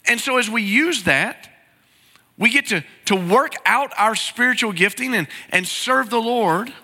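Bright-voiced pastor preaching in hall. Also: male voice, extremely high pitch, a little slow. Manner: earnest, pleading preaching. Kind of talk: sermon. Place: large church sanctuary. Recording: reverberant sanctuary sound.

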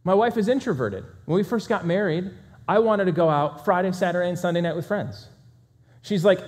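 A man addressing a live audience at a quick clip, full of drive and self-deprecating jokes. His voice sits a touch higher than most men's. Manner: energetic, fast-talking, self-deprecating. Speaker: speaker.

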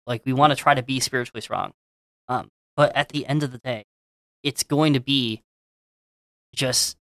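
Man, mid pitch, earnest, repeats phrases, dry sound. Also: a bit bright, dry recording. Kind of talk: casual conversation about faith.

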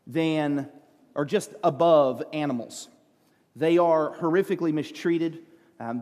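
Pastor guy, kinda high voice, earnest and halting, lots of restarts, big church echo. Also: darkish tone. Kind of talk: sermon with a personal story. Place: church sanctuary. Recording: long church reverb.

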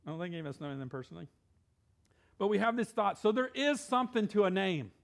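A middle-aged man preaching in a loose, conversational way, breaking off a scripture reading to joke with the congregation. His voice sits notably high for a man. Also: sing-song, rapid-fire, gravelly. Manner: casual, conversational preaching with asides and Bible reading. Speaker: pastor. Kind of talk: sermon.

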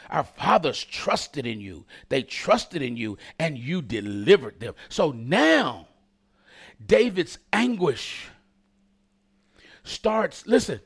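A man preaching a sermon as pastor, addressing the congregation directly with rising intensity and call-and-response asides. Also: on the high side.

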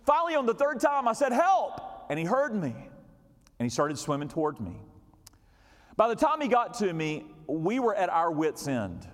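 High-voiced preacher in a big hall. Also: male voice, huge pitch swings, normal speed. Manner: dramatic, swings from loud shouts to low quiet asides. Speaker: pastor. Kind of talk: sermon storytelling. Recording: long hall reverb.

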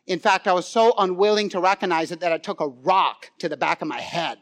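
A man preaching a sermon, telling a personal story with animation, swinging from loud excitement to quiet pleading. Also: sits high.

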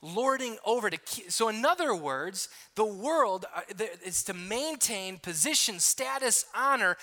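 A man's voice: high-pitched, expressive, measured pace, bright, forceful tone. A man preaching a sermon, explaining a passage word by word with frequent restarts and asides. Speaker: pastor.

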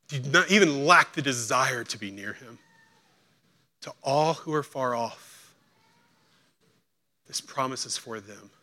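A man preaching a sermon as pastor, acting out quotes and swinging between hushed, slow lines and loud, urgent ones. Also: mid-range voice.

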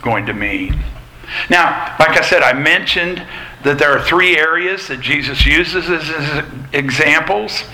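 Middle-aged male pastor, bright conversational sermon voice, roomy church echo. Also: on the high side, animated, unhurried. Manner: conversational, folksy preaching with asides. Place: church sanctuary. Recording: echoey church hall, faint ambience.

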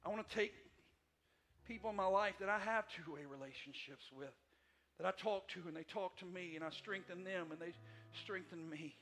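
High, bright-voiced man preaching. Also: normal speed. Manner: repetitive, emphatic preaching with swings between soft and loud passages. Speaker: pastor. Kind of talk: sermon. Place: church sanctuary.

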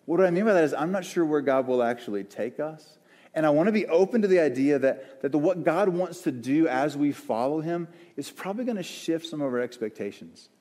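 Earnest pastor preaching in a reverberant hall. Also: male voice, on the high side, lively intonation, warm tone. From American South. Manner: earnest, searching, with pauses and restarts. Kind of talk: sermon.

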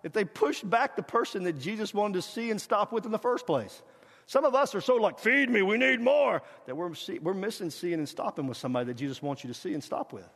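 A middle-aged man preaching a guest sermon, animated and urging the congregation to repeat after him, at times dropping to a quiet hush. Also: sits high, quick pace. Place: church sanctuary. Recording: reverberant church hall.

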